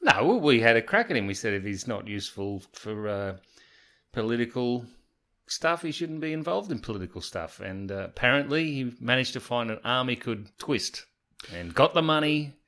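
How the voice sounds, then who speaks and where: Australian man, laid-back podcast co-host, bouncy voice that swings up and down. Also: moderate pace. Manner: easygoing, laughs often, lively pitch. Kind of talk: casual sports podcast chat.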